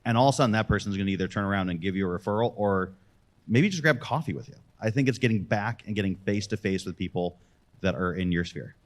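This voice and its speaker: Low-voiced man giving practical advice. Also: fast talker. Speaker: panelist. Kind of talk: panel discussion advice.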